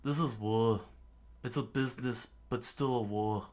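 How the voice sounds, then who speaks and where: A man voicing a ruthless, boastful male pirate captain who makes loud, domineering threats. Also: medium pitch, unhurried, pitched above the performer's own voice, natural voice.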